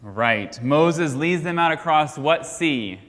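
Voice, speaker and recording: Speaking slowly in a fairly high, animated and slightly bright voice, an American man leads a Sunday school class in a church classroom. He quizzes his students on Bible history, leaving sentences open for them to complete, with long hall reverb around him.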